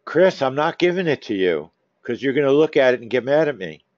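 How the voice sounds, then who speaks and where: Animated man coaching his trading room. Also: mid-range voice, fairly quick, no echo. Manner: animated, coaxing, teasing members by name. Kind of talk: live chat with trading room members. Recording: dull, dry lo-fi stream audio.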